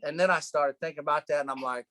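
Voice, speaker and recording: A man teaching a Bible study in a casual, animated way, often adding "right?" and "man" as he talks. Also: fairly high pitch, quick pace, dry recording. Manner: animated storyteller, tags lines with "right?" and "man".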